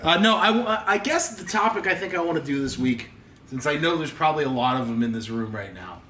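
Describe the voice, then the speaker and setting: A man's voice: a little high, lively intonation, fairly quick, pushed and bright. A man hosting a casual talk show, laughing and swearing loosely as he sets up the topic. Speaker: podcast host. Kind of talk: casual chat. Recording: echoey room, distant mic, faint noise.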